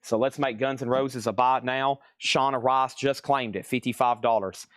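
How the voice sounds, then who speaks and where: Smooth-voiced man running a live auction. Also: mid-range voice, fairly even intonation, moderate pace, a bit bright, no echo. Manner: rattles off titles and prices with chatty asides. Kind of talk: live-stream record sale.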